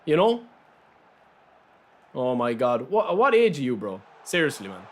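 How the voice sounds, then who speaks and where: An Irish man streams a football video game, chatting casually and speaking straight to his viewers, reading out their messages and answering them. His voice is mid-range with wildly swooping pitch, and he talks a little slowly.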